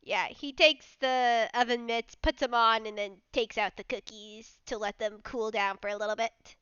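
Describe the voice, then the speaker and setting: A woman calmly narrates her character's actions in a casual tabletop role-play, taking her time. Her voice is high, bright and very clear. The recording is dry and dull, like a lo-fi mic. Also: normal speed, dry recording. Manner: calm, plain action narration.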